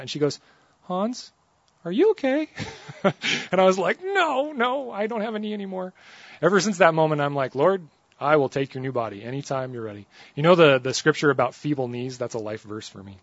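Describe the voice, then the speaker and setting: Young male preacher, casual storyteller, mid-pitched voice, dry, slightly muffled recording. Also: a bit bright, no room sound. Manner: conversational, self-deprecating storytelling between scripture readings. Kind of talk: sermon.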